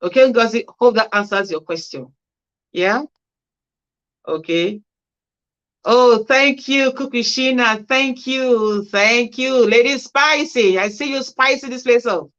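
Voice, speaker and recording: A woman's voice: fairly high pitch, slow pace, fairly bright tone, highs cut off. Woman answering viewers on a livestream. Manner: reads viewer comments aloud and answers with chatty advice. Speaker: care worker hosting a Q&A livestream. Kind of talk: casual livestream Q&A.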